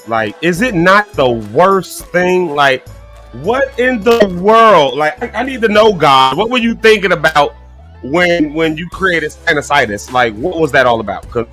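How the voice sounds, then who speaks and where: A man's voice: mid-range voice, fairly bright tone. Chatty man hosting a morning show. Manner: chatty, folksy, talks straight to viewers. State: throat clogged, coughing. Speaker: host. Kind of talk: casual morning livestream talk.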